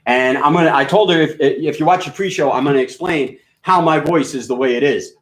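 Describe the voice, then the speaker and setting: A man's voice: fairly high pitch, fairly quick. A man from New York with a mixed New York accent, a radio DJ chatting casually, rambling, profane and joking with lots of fillers. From New York, USA. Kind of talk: casual live-stream chat. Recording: echoey room.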